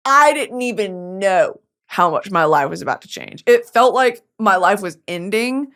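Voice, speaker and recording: A woman's voice: mid-range voice, animated, a little fast, a bit bright. A young woman, hosting a podcast in a casual comedic monologue full of swearing and dramatic asides. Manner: chatty, swearing, dramatic asides, mock voices. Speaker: podcast host.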